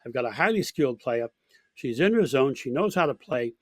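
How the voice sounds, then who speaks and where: A man's voice: mid-range voice, lively intonation, brisk, no echo. A man who coaches college golf, telling an anecdote in an interview with many fillers and restarts. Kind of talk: storytelling in an interview.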